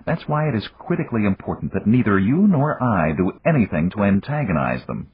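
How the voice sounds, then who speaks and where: A man's voice: on the low side, sing-song, brisk, breathy edge, no room sound, full character voice. A man voicing a composed, insistent woman president in an audiobook, raising his voice into a lighter register. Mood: firm. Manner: firm, insistent, lecturing. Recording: dull lo-fi audiobook recording.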